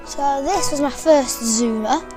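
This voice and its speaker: British woman, high voice, unhurried toy demo that rambles and self-corrects, soft music underneath. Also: rough recording. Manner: rambling, eager, often correcting herself. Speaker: toy reviewer. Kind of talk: casual toy demonstration.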